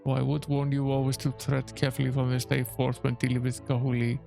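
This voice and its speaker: A man voicing a stern male temple priest of high office, making grave, formal pronouncements as he reads game dialogue aloud. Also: completely flat delivery, a little fast, gravelly, darkish tone, soft background music, close to an everyday voice.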